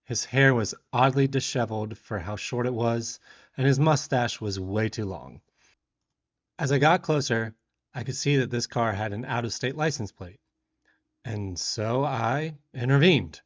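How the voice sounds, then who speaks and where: A man from the South, telling a lively story as a woodworking vlogger and shouting out the quoted lines. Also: medium pitch, measured pace, muffled recording. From Southern United States. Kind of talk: storytelling voice-over.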